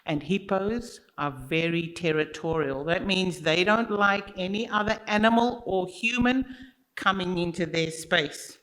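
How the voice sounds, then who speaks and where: A speaker telling a story at a church service, in an unhurried, expressive way and talking straight to the listeners. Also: mid-range voice, low-quality recording. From Australia. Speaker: children's story teller at church.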